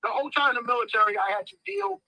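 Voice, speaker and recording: This man's very high voice comes rapid-fire as he tells casual stories on a podcast, animatedly mimicking the people in them. He's an American in his 50s, heard on a low-quality recording with no echo.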